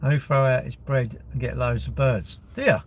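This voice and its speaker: A man's voice: medium pitch, fairly even intonation, normal speed, breathy edge, highs cut off. A man chatting casually on a live stream, reading viewers' comments aloud and mocking trolls bluntly.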